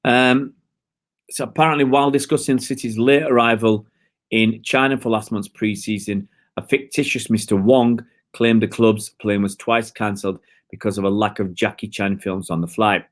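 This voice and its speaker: A man's voice: fairly low pitch, fairly even intonation, moderate pace. A man hosting a live stream, chatting in a rambling, hesitant way with lots of fillers and talking to his viewers. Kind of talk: casual live-stream commentary.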